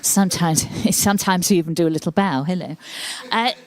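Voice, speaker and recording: A woman's voice: on the low side, brisk. A woman in her forties doing a self-deprecating stand-up set into a handheld mic, slipping into little acted asides. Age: 40s. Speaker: stand-up comedian. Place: library set up as a TV studio. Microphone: handheld microphone.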